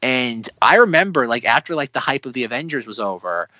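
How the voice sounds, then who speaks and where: A man's voice: medium pitch, very animated, fairly quick, pushed and bright, no echo, highs cut off. A man co-hosting a podcast in casual chat, rambling with many fillers and restarts. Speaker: podcast co-host.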